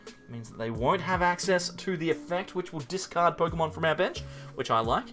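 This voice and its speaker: A man's voice: a little high, lively intonation, brisk, bright, forceful tone, faint music behind. A man casually commentating his own card game match, thinking aloud and talking to himself with playful, wry asides.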